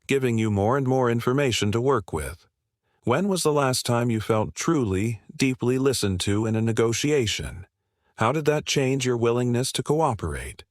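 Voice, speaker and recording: A man giving scripted narration in a measured, confident storytelling manner, asking the listener rhetorical questions. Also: mid-range voice, dry recording, clean studio sound.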